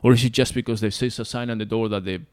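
A man venting in a loose, rambling rant, dropping curses as he goes. His voice sits on the low side. The sound is dry, with no room around it. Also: fairly even intonation, fast talker, darkish tone, clean tone, no room sound. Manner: ranting, rambling, profane. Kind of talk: casual podcast chat.

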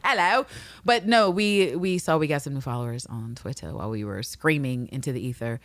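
A woman from New York City co-hosting a casual TV recap podcast, animated and swearing freely. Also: a bass voice, brisk, no echo. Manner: animated, swears, bursts of excitement. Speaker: podcast co-host.

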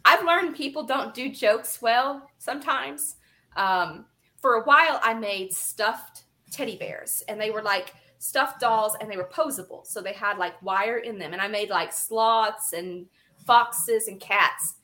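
Bright, lively woman telling funny stories. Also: a little high, unhurried. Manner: laughing, animated, acts out quoted people. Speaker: guest, animal photographer. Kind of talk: casual conversational storytelling.

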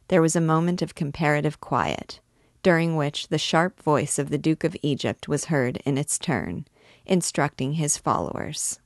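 A woman reads a classic novel aloud in a measured, storytelling manner. Her voice is low, and the recording is close and dry. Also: no echo. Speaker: book reader and guide.

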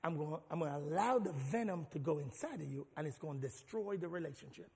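High-voiced preacher in a reverberant hall. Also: male voice, quick pace, gravelly. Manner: animated preaching, rising to shouts. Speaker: pastor. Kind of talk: sermon. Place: large church hall.

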